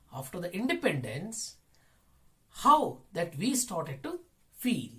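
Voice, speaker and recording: A woman with an Indian English accent teaching a class, explaining a poem and often repeating herself while coaxing the children. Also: on the low side.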